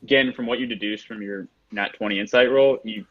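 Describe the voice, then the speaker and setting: A man running a tabletop game as game master, describing scenes in a relaxed, casual way. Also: on the low side, brisk, no echo, highs cut off.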